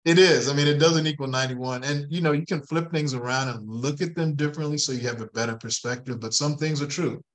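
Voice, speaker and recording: A man in a team meeting, sharing his reflections in a thoughtful, measured, slightly halting way. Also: a little high, low-quality recording. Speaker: team member. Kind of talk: casual group discussion.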